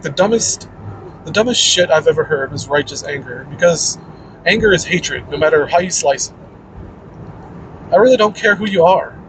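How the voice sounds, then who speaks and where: A man's voice: fairly high pitch, background noise. A man giving a casual, rambling monologue about faith, blunt and full of "like" and "man.". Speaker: channel host.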